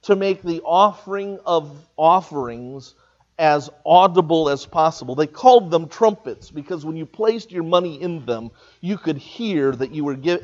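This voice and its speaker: A man's voice: on the high side, lo-fi sound. A man preaching a sermon, retelling a scripture story in an earnest, storytelling way with emphatic rises. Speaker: pastor.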